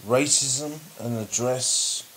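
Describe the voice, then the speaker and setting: A man in the middle of the usual pitch range speaks very slowly and deliberately, with long pauses. A faint hiss sits under his voice. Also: fairly bright tone. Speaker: video commentator. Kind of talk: slow spoken commentary.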